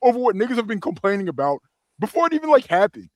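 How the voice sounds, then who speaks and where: A man's voice: high voice, very animated, rapid-fire, dry recording. A man bantering and joking in slang on a casual wrestling podcast. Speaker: podcast co-host.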